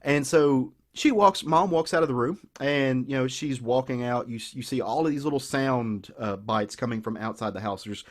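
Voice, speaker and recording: Man, Southern US accent, podcast co-host, enthusiastic, rambling, mid-pitched voice. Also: moderate pace, hardly any pauses. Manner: enthusiastic, rambling, many restarts. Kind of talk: casual chat, retelling a comic book.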